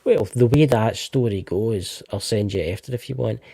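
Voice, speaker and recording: A man's voice: fairly low pitch, moderate pace, vocal fry, dark tone, breathy edge, dry recording. A Scottish man co-hosting a casual live stream about ghost lore, chatty and often restarting his words. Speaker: co-host. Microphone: remote live-stream call.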